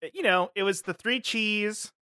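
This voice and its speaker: A man's voice: moderate pace, dry recording, studio quality. A man co-hosting a podcast in casual chat, rambling and giggling as he talks. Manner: rambling, giggly, lively pitch. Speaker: podcast co-host.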